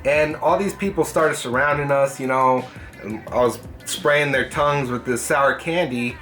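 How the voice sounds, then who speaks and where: A young man hosting a vlog, casually telling a story from school, swearing freely and animated. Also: medium pitch, moderate pace, soft background music. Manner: profane, animated, puts on voices in quotes. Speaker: gaming channel host.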